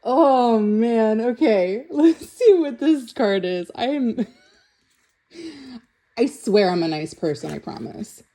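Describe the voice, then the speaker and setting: A woman's voice: fairly high pitch, expressive, slow pace, warm tone. Blunt, teasing woman reading tarot. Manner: blunt, teasing, keeps checking in with "okay?". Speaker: tarot reader. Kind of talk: casual tarot reading to camera.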